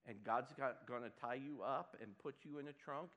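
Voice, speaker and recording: A man preaching a sermon to a congregation, swinging from loud emphatic bursts to hushed, quiet lines. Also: mid-range voice, normal speed. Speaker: pastor.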